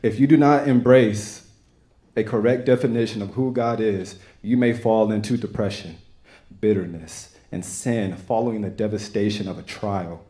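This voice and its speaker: Man, Texan accent, church testimony, earnest, many restarts, mellow tone. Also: on the low side, steady tone, normal speed. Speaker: church member giving testimony. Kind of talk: personal testimony to a congregation. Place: church sanctuary.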